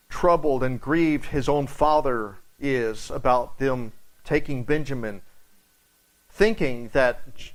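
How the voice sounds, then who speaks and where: A male pastor teaching a Bible study in church, telling stories in an animated way and acting out the quotes. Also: a little high. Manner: animated storytelling, acts out quotes.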